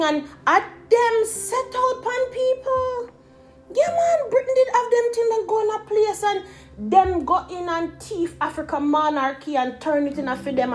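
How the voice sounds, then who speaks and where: A young woman with a Jamaican accent, hosting a casual opinion podcast and talking in an animated, rambling way that slips into patois. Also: high voice. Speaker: podcast host.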